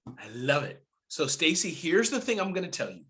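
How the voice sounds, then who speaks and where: Bright, animated man on a video call. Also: on the high side, normal speed. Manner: animated, exclamatory, jumps between loud and soft. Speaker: guest speaker. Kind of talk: energetic webinar talk.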